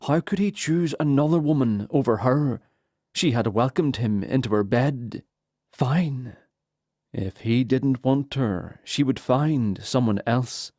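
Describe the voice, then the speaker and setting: Brief: mellow male narrator, slow and steady, dry close sound. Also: mid-range voice, no room sound. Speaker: audiobook narrator. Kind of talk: scripted fantasy narration.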